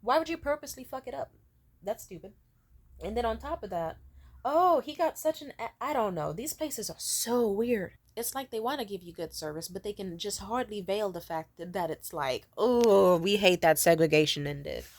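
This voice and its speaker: A woman's voice: medium pitch, animated, normal speed. A woman telling a story in a casual, ranting way, sarcastic and profane, full of filler words. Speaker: vlogger.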